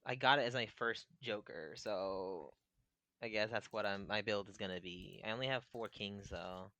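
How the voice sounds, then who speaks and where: A man co-hosting a podcast, chatting while he plays a game. His voice is bright and forward, recorded close and dry, and he pushes back in a laughing, good-natured way. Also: on the low side, moderate pace, no echo. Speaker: podcast co-host. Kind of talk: casual podcast banter while gaming.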